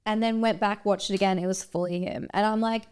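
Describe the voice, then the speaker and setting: An Australian woman hosting a podcast, telling a dating story in animated casual chat. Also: mid-range voice, fast, clear, resonant tone. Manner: animated storytelling, laughing often. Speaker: podcast host.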